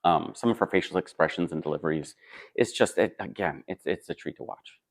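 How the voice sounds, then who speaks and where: A man with a very low voice talks casually about stage work in an interview. He is thoughtful and halting, pausing on fillers and restarting his sentences as he answers. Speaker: stage actor.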